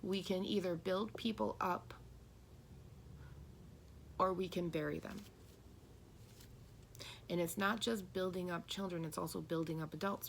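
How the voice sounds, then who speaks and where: A woman's voice: mid-range voice, gravelly, a little hiss or hum. A woman reading tarot and channeling messages, talking earnestly and asking listeners rhetorical questions. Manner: earnest, rhetorical questions, acts out quoted voices. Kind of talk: spiritual channeling talk.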